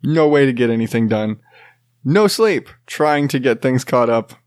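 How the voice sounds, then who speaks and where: A man's voice: medium pitch, moderate pace, darkish tone, clean tone, no room sound, clean studio sound. Tired, rambling man in his thirties. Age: 30s. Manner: rambling, self-interrupting, laughs often, swears casually. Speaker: podcast host and father. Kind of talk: casual chat.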